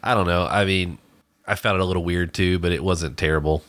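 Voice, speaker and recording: A man with a very low, deep voice talks through a movie in a loose, casual review. He rambles, restarting his sentences often and filling gaps with ums and uhs. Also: steady tone, fairly quick, fairly bright tone. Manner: rambling, with many restarts and fillers. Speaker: podcast co-host reviewing a movie.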